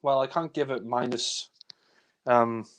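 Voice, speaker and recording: A man's voice: mid-range voice, fairly even intonation, measured pace. A young man ranting in exasperation about a film he hates, swearing often in a casual review chat.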